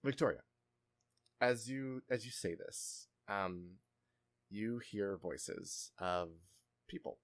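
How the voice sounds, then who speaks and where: A man narrating a tabletop game as game master, relaxed and hesitant with fillers. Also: fairly low pitch, takes it slowly, long pauses.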